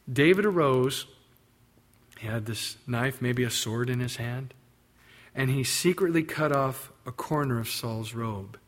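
A man preaching a sermon, reading scripture aloud and then explaining it in plain, conversational terms. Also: medium pitch. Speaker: pastor. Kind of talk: expository sermon.

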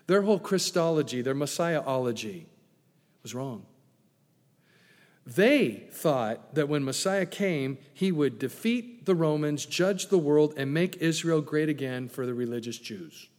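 A man preaching a sermon as pastor, playful and animated, dropping to hushed tones for emphasis. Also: fairly high pitch, a little slow. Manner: animated, playful asides with sudden hushed drops. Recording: long echo of a large hall.

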